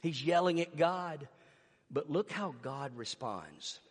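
A man preaching a sermon, swinging between hushed, intimate passages and shouted emphasis. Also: on the high side, expressive, slow, slightly rough. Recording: long hall reverb.

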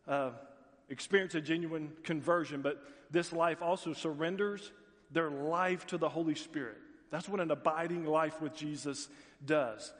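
A middle-aged man preaching a sermon as pastor, telling stories with folksy asides and animated voices for the people in them. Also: a little high, moderate pace. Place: church sanctuary. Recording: long reverb of a large hall.

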